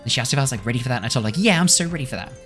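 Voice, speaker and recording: A woman voicing a chatty, excitable young girl airbender in a tabletop game, rambling with lots of "like". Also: extremely low pitch, racing, soft background music.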